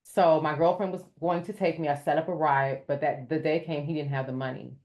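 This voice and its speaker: Tamu wanita, suara agak rendah, bercerita hidup dengan menirukan ucapan orang lain. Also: female voice, sits low, brisk. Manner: animated, raising her voice to act out quoted speech; addresses listeners as "y'all". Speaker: podcast guest. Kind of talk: storytelling in an interview.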